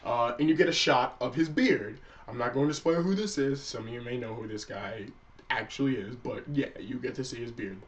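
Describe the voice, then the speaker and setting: A man's voice: medium pitch, a little fast, distant mic, highs cut off. A man reviewing an anime episode in a loose, casual recap, swearing freely and acting out the characters' lines.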